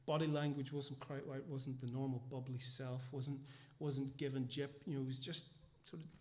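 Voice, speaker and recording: A man's voice: mid-range voice, little pitch movement, moderate pace. A man preaching a sermon, telling a family story and acting out the dialogue. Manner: storytelling, acts out dialogue, frequent restarts. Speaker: pastor. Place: church.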